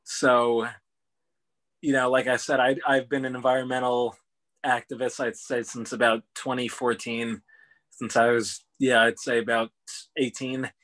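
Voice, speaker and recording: A man's voice: mid-range voice, level tone, measured pace, fairly bright tone. Chatty young man telling his story. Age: 20s. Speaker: podcast guest. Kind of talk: casual interview chat.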